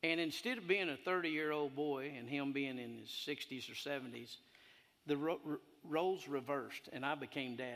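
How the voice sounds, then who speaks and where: A man in his fifties preaching a sermon, telling a personal story, then building fervently until he shouts. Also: fairly high pitch, normal speed. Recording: echoey hall.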